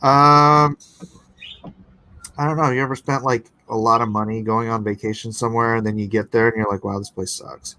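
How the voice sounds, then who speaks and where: A man chatting casually on a livestream and answering chat comments. His talk is rambling and sarcastic, with frequent laughter, at an average pitch. The sound is dry, with no room echo. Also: level tone, normal speed, pushed and bright. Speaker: livestream host and artist.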